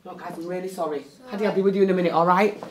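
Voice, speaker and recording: A woman's voice: fairly low pitch, steady tone, racing, lightly acted. A teenage girl with a British accent playing a female barbershop owner who scolds the boy she raised. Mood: scolding. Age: teens. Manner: scolding, exasperated. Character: female barbershop owner, stern caring guardian. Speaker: amateur youth actor. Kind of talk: amateur drama acting. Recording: roomy, echoey room with faint noise.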